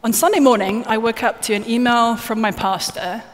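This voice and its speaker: A woman's voice: on the high side, normal speed. A woman giving a live conference talk from the stage, chatty and joking with the audience. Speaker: conference speaker. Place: large conference hall. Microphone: stage microphone. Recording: live hall reverb, faint noise.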